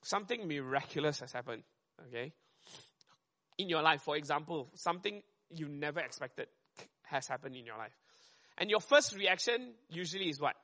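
A man preaching a sermon, talking fast and conversationally and often checking in with "right?". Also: on the high side, expressive, sharp tone.

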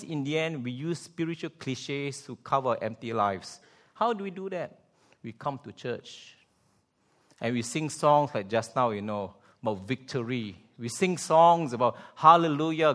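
Pastor, male; animated sermon with rhetorical questions, fairly high and very expressive. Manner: animated, rhetorical questions, vocal sound effects.

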